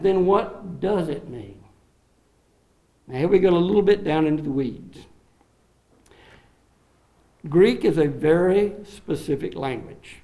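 A middle-aged man, a pastor, delivering an expository sermon in a lively, teaching manner with occasional fillers. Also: on the high side.

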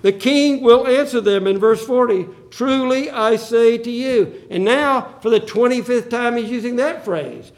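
A man's voice: extremely high pitch, moderate pace, few pauses. A male pastor preaching a sermon, acting out the Bible quotes with drama.

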